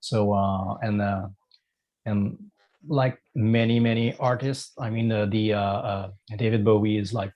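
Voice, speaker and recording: A man's voice: fairly low pitch, steady tone, measured pace, lo-fi sound. Hesitant man with a Quebec French accent. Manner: hesitant, many fillers and restarts. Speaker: guest musician. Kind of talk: casual interview chat.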